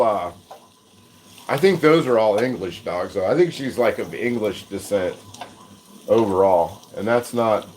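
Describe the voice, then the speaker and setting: This American man hosts a live cooking stream, chatting in a casual, self-deprecating way and chuckling as he rambles. His mid-range voice is a little mellow. The audio is poor, with a little hiss or hum.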